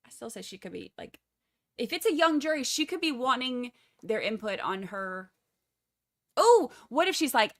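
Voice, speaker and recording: With a sing-song lilt in a slightly high voice, this Texas-accented woman talks at a moderate pace. She's live-streaming joking, chatty commentary on a trial, addressing her viewers directly.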